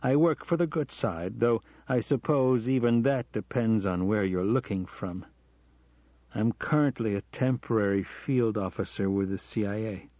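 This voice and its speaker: A man voicing a middle-aged American professor who speaks in a quiet, earnest, confessional way. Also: fairly low pitch, normal speed, no room sound, natural voice. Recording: dull lo-fi audio.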